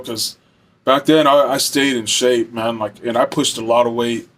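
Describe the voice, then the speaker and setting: A man's voice: medium pitch, steady tone, normal speed. Rambling casual storyteller man. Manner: rambling, heavy fillers, profane.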